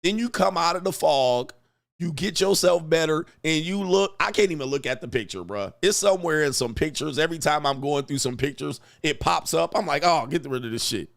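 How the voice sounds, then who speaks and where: A man's voice: a little high, lively intonation, a little fast, creaky. A man hosting a casual livestream, joking loosely with slangy, profane street talk, laughing often and reading viewer comments aloud. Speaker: livestream host.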